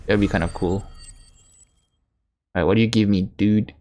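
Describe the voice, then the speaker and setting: A man's voice: on the low side, fairly even intonation, moderate pace, a little mellow. A man casually commentating a video game in a joking, offhand way. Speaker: gaming streamer.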